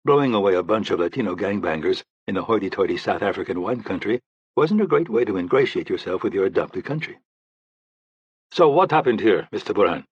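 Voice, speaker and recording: A man narrates a thriller audiobook at a fast, steady, even pace in a low voice with a husky grain. The recording is close and dry with no echo, its tone slightly dull.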